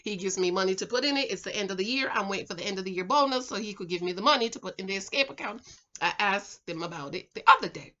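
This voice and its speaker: A woman's voice: medium pitch, quick pace, dull audio. A middle-aged woman giving a casual, chatty show review from her home, talking straight to her female viewers and checking in with "okay?". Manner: animated, talks straight to viewers as "girl" and "ladies", keeps checking with "okay?". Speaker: vlogger reviewing a reality show.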